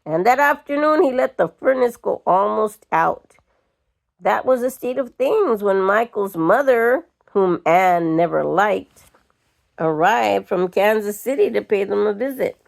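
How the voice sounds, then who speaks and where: An older woman reading a short story aloud in a slow, measured way. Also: mid-range voice, expressive, vocal fry. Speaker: reader.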